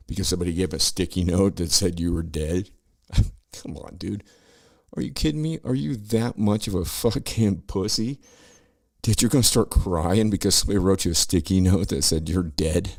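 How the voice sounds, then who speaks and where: A middle-aged podcast host rants, swears and gets sarcastic as he reacts to news clips with profane political commentary. His voice sits low, creaky and a little mellow, in a dry recording.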